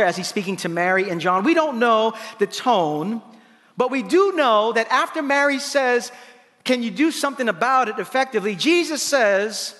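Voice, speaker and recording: A male pastor preaching a sermon in an animated, playful way, acting out the lines he quotes. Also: high-pitched, moderate pace. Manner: animated, playful preaching with laughs and voiced asides. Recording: long hall reverb.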